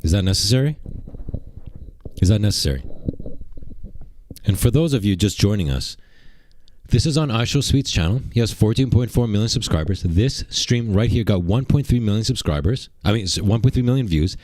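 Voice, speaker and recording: A man's voice: lowish voice, lively intonation, a little fast, long pauses, darkish tone, no echo. A man doing mocking livestream reaction commentary, rambling and sarcastic, repeating rhetorical questions.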